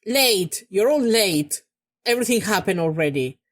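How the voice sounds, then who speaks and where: A young woman talks her way through a drama episode in casual reaction commentary, addressing the characters directly. Her pitch moves a lot, rising and falling with every exclamation, and she raises her voice when something makes her angry. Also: moderate pace. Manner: expressive, talks back at the screen, gets loud when angry. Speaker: reaction video host.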